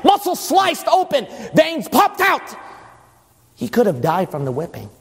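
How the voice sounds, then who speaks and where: A male preacher delivering a dramatic sermon, swinging into shouting and sing-song stretches. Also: very high voice, huge pitch swings, normal speed, slightly rough. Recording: long hall reverb.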